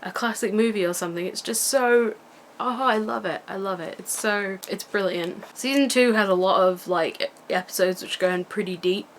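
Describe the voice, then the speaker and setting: A woman's voice: medium pitch, normal speed, slight background noise. A young woman vlogging to her camera at home, rambling about things she loves in a gushing, enthusiastic way. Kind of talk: casual rambling vlog chat. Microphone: camera mic.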